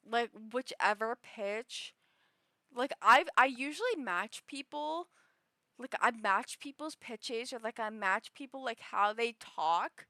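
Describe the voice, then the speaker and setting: A woman streamer chatting casually, rambling with many fillers and often shifting her pitch up and down. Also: pushed and bright, no room sound, clean studio sound. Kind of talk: casual chat.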